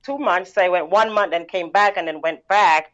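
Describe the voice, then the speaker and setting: A woman from the Caribbean tells her story as an interview guest. She talks in an animated way, with lots of "you know"s and laughter. The recording sounds muffled and lo-fi. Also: fairly low pitch, moderate pace. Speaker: guest, bookkeeping business owner.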